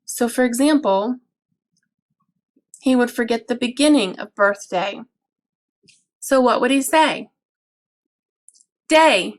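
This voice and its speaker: Brief: woman teacher, slightly high voice, unhurried, patient explainer for a parents' lesson video. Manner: slow, clear, patient explaining with drawn-out example words. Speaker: early childhood teacher.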